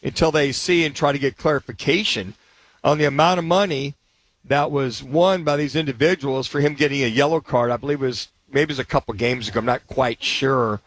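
A man's voice: medium pitch, fairly quick. A man co-hosting a sports radio show, talking in a rambling, anecdotal way with frequent restarts. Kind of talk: casual sports talk.

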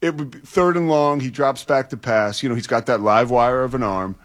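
A man co-hosting a sports radio show, talking in halting bursts with many restarts and chuckles. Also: medium pitch.

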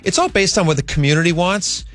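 A man hosting a talk radio show in casual chat, easygoing and quick with short reactions and asides. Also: high-pitched, fairly bright tone, faint music behind. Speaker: radio host.

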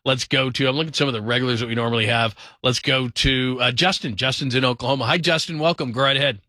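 A man's voice: mid-range voice, fairly even intonation, fast, bright, forceful tone, no room sound. A man hosting a late-night sports call-in radio show from a studio, upbeat and laughing easily. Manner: upbeat, laughs easily, reads phone number often. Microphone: studio microphone.

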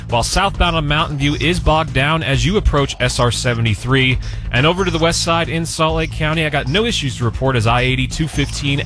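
A man giving a brisk, steady radio traffic report. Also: mid-range voice.

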